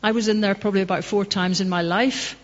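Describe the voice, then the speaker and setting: A woman's voice: mid-range voice, steady tone, fast talker. A woman from Northern Ireland answering audience questions after a public talk, conversational and passionate, telling anecdotes. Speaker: guest speaker. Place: public hall. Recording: dull echoey hall recording.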